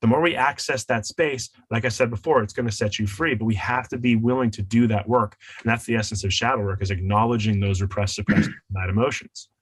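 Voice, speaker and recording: A man's voice: on the low side, steady tone, fast talker, few pauses, slightly rough, dry recording, rough recording. A man, a wellness coach and author, speaking as a podcast guest in an emphatic, teacherly way. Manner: emphatic, teacherly, acts out voices in his examples.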